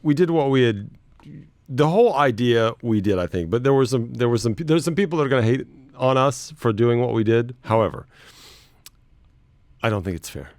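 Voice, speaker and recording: A man's voice: medium pitch, lively intonation, fairly quick, pauses often, darkish tone, no room sound. Laid-back chatty man, dry close sound. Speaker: radio show host. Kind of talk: casual chat.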